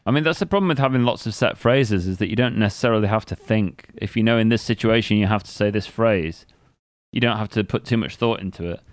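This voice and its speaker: A man's voice: fairly low pitch, fast talker, dry recording. A man from Britain with a British accent, co-hosting a podcast in casual chat, dry and blunt with a joking edge. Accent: British English. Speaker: podcast co-host.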